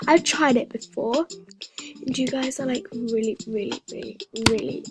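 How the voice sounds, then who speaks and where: A woman's voice: on the high side, normal speed, vocal fry, music in the background. A woman chatting casually over a gaming video, dramatic and teasing, often dropping into a half-whisper. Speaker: vlogger. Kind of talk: casual gaming vlog commentary.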